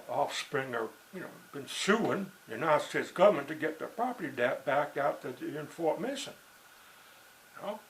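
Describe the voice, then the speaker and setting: A man's voice: mid-range voice, gravelly, slight background noise, poor audio. A man talking in a rambling, digressive monologue, full of "you know" and "see" and restarts. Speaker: writer and blogger.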